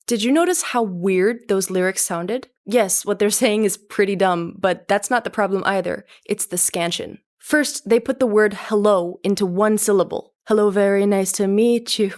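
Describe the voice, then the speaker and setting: A woman's voice: medium pitch, darkish tone. A young adult woman giving sarcastic music commentary in a video, with frequent laughs. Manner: wry, sarcastic, laughs often.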